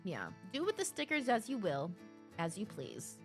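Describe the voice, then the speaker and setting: A woman's voice: normal speed, faint music behind. A young woman streaming live, chatting casually with her viewers and reading their messages aloud. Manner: animated, swings from low mumbles to shrieking laughs; reads chat aloud and jokes with viewers.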